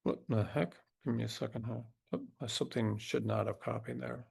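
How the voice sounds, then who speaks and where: Typing prompts on screen during a resume workshop webinar, a middle-aged man keeps restarting his sentences as he thinks aloud. He speaks in a mid-range voice that is creaky and darkish, with a breathy edge.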